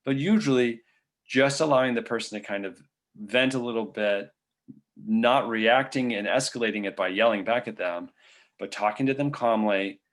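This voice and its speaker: A man with a low, gravelly voice answers audience questions after a medical webinar. He speaks in a relaxed, conversational way, thinking aloud and leaning on fillers as he explains. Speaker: physician presenter.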